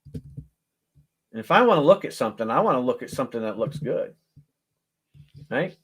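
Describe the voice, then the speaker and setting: A man's voice: mid-range voice, slightly rough. A man hosting a casual live coin auction, joking and laughing as he praises a coin and calls out bids. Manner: folksy, joking, laughs often; slow, drawn-out calls with animated countdowns.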